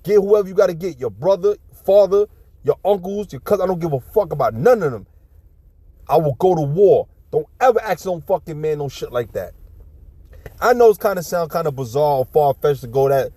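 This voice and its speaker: A man's voice: a little high, expressive, fairly quick, dark tone, no echo. A man giving casual ranting commentary on a video clip, blunt, profane and preachy, often restarting his sentences.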